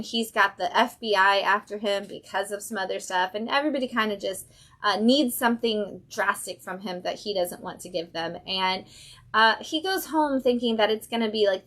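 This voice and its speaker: A woman's voice: mid-range voice, fairly bright tone. A woman hosting a casual livestream from a comic shop, chatting enthusiastically about new comics with lots of fillers.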